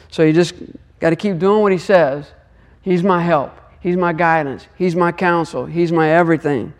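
Guy with a pretty high voice doing an earnest bible teaching, keeps repeating himself, prays out loud. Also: normal speed. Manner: earnest, repetitive, prays aloud. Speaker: Torah teacher. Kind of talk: devotional teaching.

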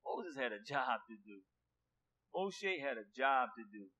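A man preaching a sermon with passion, dropping to a hush and then rising loud, repeating words for emphasis. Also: medium pitch, lively intonation, measured pace, lo-fi sound. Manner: impassioned, swinging from hushed to loud.

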